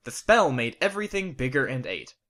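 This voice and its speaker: Narrator: man, bright tone, deadpan straight read, home mic. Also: mid-range voice, brisk. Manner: straight-faced, reads mistakes as written. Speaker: narrator, fan fiction reader. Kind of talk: deadpan storybook reading. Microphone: home condenser microphone.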